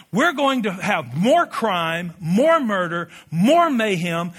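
Impassioned high-voiced preacher man. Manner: impassioned, rising to shouted peaks, drops to quiet asides; leads congregation call-and-response. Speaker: pastor. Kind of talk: sermon.

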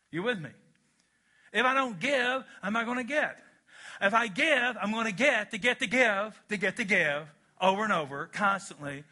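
A middle-aged male pastor preaching with a high, sharply bright, tense voice. He drives his points home emphatically and keeps calling out to the congregation for a response, slipping in folksy jokes along the way. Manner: jokey, folksy asides. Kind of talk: sermon.

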